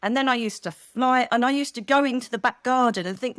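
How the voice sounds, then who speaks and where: In studio-quality audio with no echo, a middle-aged woman from England, a psychic medium, speaks quickly in a slightly high voice. As a casual interview guest, she tells lively stories and performs the quoted voices.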